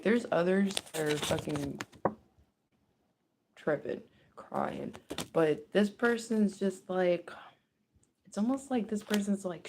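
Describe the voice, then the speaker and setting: A woman reading for her viewers in a low voice. She talks slowly and casually, swears freely and drifts from quiet murmuring into excited outbursts. A faint hiss sits under the voice. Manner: loose, profane, swings from hushed to excited. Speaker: psychic reader. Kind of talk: casual spoken card reading.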